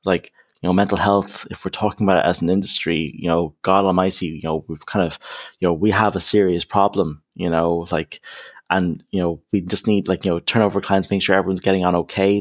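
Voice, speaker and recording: A young man, a counsellor, talking casually in an interview, emphatic, with lots of "you know" and "okay?". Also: deep voice. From Ireland. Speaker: counsellor, podcast guest.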